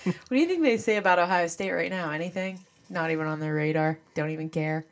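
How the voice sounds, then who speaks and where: A woman's voice: fairly low pitch, quick pace. A woman in casual sports chat as a co-host, teasing and laughing often.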